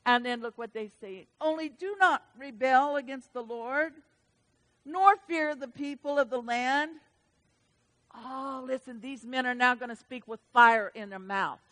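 A woman preaching a sermon to her church, reading scripture and surging from soft asides to loud, fervent exclamations. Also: high-pitched, unhurried. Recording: long hall reverb.

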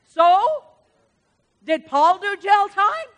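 A woman pastor preaching a sermon in a church, swinging from hushed storytelling to loud exhortation. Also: very high voice, measured pace, long pauses. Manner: dramatic swings from hushed to loud, retelling stories. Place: church sanctuary.

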